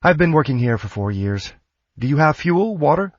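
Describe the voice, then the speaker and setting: A man voicing a brisk, practical young American woman in an audiobook. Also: on the high side, big pitch swings, no echo, highs cut off, voice pushed up. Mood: urgent.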